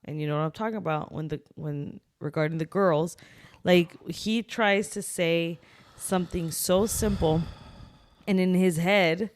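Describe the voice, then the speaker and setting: A woman's voice: lowish voice, a little slow, dry recording. A woman co-hosting a podcast, telling stories expressively and teasing her husband in casual chat. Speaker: podcast co-host.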